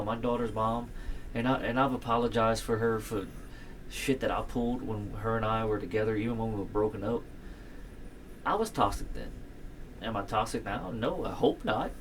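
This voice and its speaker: A man with a Cajun accent responding frankly and reflectively in a relaxed podcast chat. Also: medium pitch, slight background noise, low-quality recording. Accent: Cajun English. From Louisiana. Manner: laid-back, reflective, frank. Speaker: podcast co-host.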